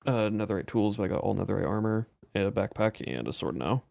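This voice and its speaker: Gravelly, easygoing man gamer. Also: lowish voice, quick pace, no room sound, studio quality. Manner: relaxed, explaining step by step. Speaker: streamer playing with friends. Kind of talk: casual gameplay commentary.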